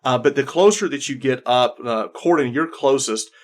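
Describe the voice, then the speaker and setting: A man's voice: medium pitch, normal speed. Man narrating a tabletop game. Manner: descriptive second-person narration, many restarts. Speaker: game master.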